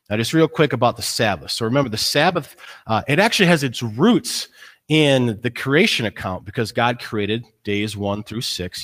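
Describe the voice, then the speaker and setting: Male pastor, mid-pitched voice, casual sermon delivery, animated storyteller who voices the characters in quotes. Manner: conversational, casual fillers.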